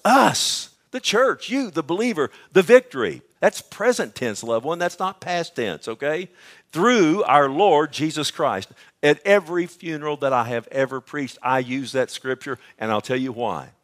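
A man preaching a sermon, swinging from hushed asides to loud, emphatic bursts and often checking in with the congregation. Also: mid-range voice, normal speed.

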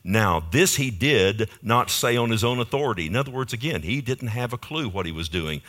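A man's voice: mid-range voice, expressive, brisk, a bit bright. A man preaching a sermon in a church, emphatic and punctuating points with "amen?" asides to the congregation. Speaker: pastor. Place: church in Fort Worth.

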